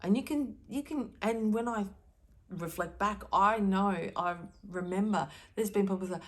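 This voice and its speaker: A woman's voice: medium pitch, unhurried. A woman speaking directly to camera as a spiritual card reader, giving earnest, emphatic advice.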